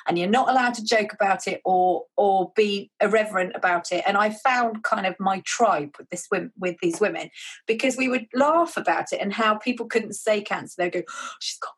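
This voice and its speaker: A woman, telling a personal story in a chatty, animated way as an author guest. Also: mid-range voice, moderate pace, slightly rough. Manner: animated, chatty, acts out quoted dialogue. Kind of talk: conversational storytelling.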